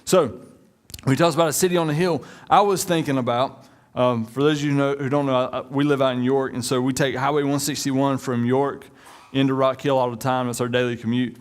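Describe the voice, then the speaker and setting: A man's voice: medium pitch, steady tone, fairly quick. Guy in his 30s preaching, chatty and jokey, says y'all a lot. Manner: conversational, joking, uses y'all. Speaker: pastor. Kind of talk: sermon.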